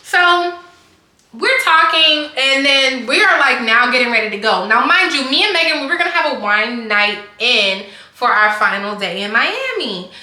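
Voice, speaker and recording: Young woman for a rambling storytime vlog; higher voice, bright tone, echoey room. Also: animated, normal speed. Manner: chatty, rambling, heavy use of "like". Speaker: vlogger telling a storytime. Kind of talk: casual storytime chat.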